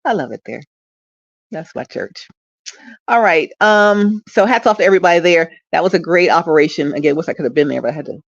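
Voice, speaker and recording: Gravelly-voiced woman chatting upbeat from bed. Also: sits low, no room sound, highs cut off. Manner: upbeat, rambling, laughs often. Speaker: traffic reporter and streaming host. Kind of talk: casual direct-to-camera vlog. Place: at home, lying down.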